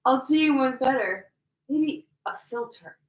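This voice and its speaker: A woman chatting casually and cracking herself up as she tells a story. Her voice sits high and she takes her time. She is a little away from the mic in an echoey room. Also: a little slow, distant mic. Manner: giggly storyteller, laughs through her words. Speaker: podcast co-host. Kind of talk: casual chat.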